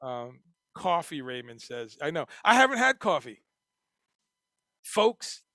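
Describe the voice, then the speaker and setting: Guy hosting a livestream, swears a lot, gets animated, bright tense gravelly voice. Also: fairly high pitch, no room sound, clean studio sound. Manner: profane, animated, reads chat comments aloud. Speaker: livestream host. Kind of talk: casual livestream chat.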